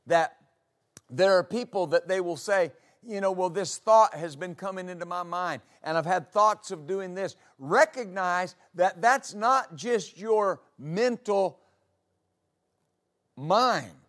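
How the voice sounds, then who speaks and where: A man preaches in a slow, deliberate cadence, leaning on repeated words for emphasis. His voice sits fairly high, and he builds to loud, fervent exclamations. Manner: rises to loud exclamations at climaxes. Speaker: pastor. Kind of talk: sermon.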